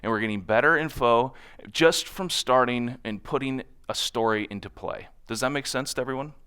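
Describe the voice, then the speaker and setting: A man's voice: mid-range voice, normal speed, bright, forceful tone, clear, resonant tone. A man speaking at a conference in front of an audience, telling anecdotes in a conversational way and often checking in with "right?".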